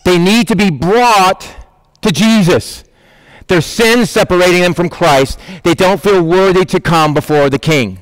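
A man preaching a conversational sermon, animated and acting out the voices of people in the story. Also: sits high, measured pace, no echo, rough recording. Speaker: pastor.

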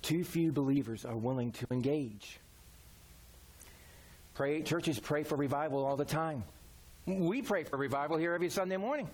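A man's voice: fairly high pitch, moderate pace, pauses often, a little mellow, slightly rough. A man preaching a sermon in a folksy, conversational way, using everyday examples. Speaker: pastor.

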